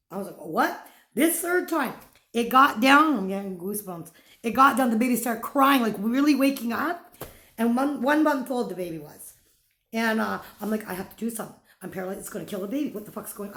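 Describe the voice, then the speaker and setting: Woman telling a dramatic ghost story in an echoey room. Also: fairly high pitch. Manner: dramatic, drops to whispers and swears freely. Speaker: vlogger. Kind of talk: casual storytelling.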